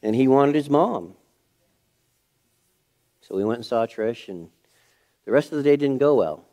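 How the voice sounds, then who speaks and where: A middle-aged male pastor preaching a sermon in a church. He tells a personal story, moving from hushed, quiet passages to raised, emphatic ones. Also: medium pitch, animated, a little slow.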